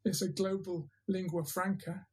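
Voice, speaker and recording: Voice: medium pitch, flat delivery, normal speed, low-quality recording. A teacher, giving a thoughtful interview answer with frequent hesitations and restarts. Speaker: interviewed English teacher and trainer.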